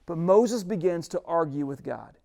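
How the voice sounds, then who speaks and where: A man's voice: a little high, lively intonation, normal speed, gravelly, warm tone. A male pastor preaching a sermon in a humorous, conversational way.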